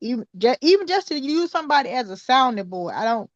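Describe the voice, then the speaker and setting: Brief: woman in a church study group, halting and reflective, somewhat high voice, dull lo-fi recording. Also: very animated, no room sound. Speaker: Bible study participant. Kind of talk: casual group discussion. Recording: dull lo-fi sound.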